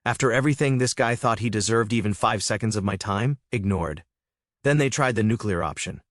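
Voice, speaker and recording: A man tells a first-person story in a cool, smug, matter-of-fact way. His voice sits on the low side and sounds dry and close to the mic. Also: fairly quick, dry recording. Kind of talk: first-person scripted narration.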